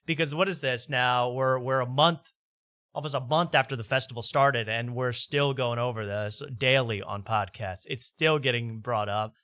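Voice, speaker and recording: A man's voice: medium pitch, steady tone, moderate pace, sharp tone, clear, resonant tone, no echo, studio quality. Heated sarcastic male show host. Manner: heated, sarcastic, repeats himself. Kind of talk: ranting commentary on clips.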